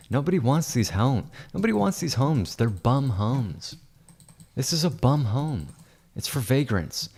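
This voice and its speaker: Gravelly-voiced man ranting sarcastically. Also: mid-range voice, darkish tone. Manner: sarcastic mock-arrogant ranting. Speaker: photo editor streaming his work. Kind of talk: casual livestream banter.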